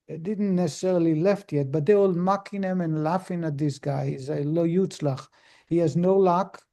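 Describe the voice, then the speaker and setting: While storytelling in a Torah lesson, a male rabbi with a mellow, high-pitched voice plays out the characters, often restarting and using fillers.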